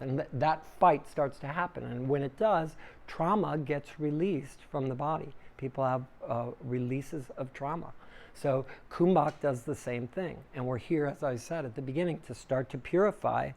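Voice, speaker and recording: Relaxed man giving a casual yoga talk. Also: normal speed, gravelly. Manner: casual and conversational, acts out inner voices loudly with big pitch jumps. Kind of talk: relaxed spoken teaching to a small group. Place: small room with a live audience.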